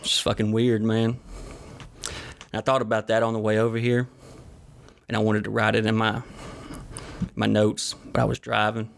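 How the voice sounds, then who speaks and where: A man's voice: on the low side, monotone, normal speed, creaky, pauses often. A man hosting his own podcast, telling rambling, profane anecdotes with joking asides while sweaty and flushed. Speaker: podcast host. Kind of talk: casual solo storytelling.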